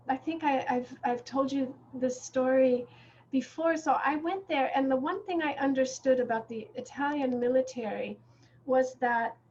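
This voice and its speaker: A woman author, reflective and halting, telling a story in conversation with many fillers and restarts. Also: sits high, darkish tone. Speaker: author guest in a bookstore conversation. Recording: muffled lo-fi recording with faint noise.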